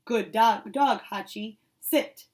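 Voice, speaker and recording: A woman voicing a kind, patient older male professor in a storybook reading, giving his puppy gentle but firm commands and cooing praise. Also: on the high side, takes it slowly.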